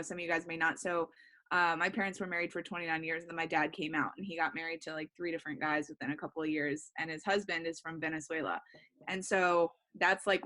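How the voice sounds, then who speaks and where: A woman's voice: fairly low pitch, pushed and bright. A young adult woman, an improv student, talking earnestly in a class discussion and saying "like" often. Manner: chatty, full of "like", earnest.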